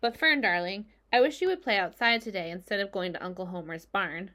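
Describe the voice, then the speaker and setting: A woman's voice: mid-range voice, fairly quick, bright, forceful tone, lightly acted. A woman voicing a stern, practical farm mother who reproves her daughter firmly. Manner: firm, reproving.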